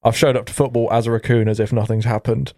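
A man's voice: mid-range voice, little pitch movement, fast, warm tone, dry recording, clean studio sound. A young man hosting a comedy podcast, rambling through silly scenarios and giggling often. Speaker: podcast host setting the questions. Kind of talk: casual comedic banter.

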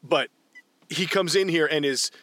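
A man in casual movie commentary chat, retelling scenes in a profane, animated way. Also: fairly high pitch, measured pace, no echo. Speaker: podcast co-host.

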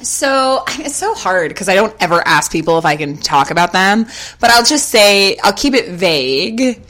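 A woman's voice: medium pitch, sing-song, normal speed, a bit bright. A woman in her late twenties or thirties co-hosting a podcast, chatting casually and animatedly, swearing freely and acting out quotes. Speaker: podcast co-host.

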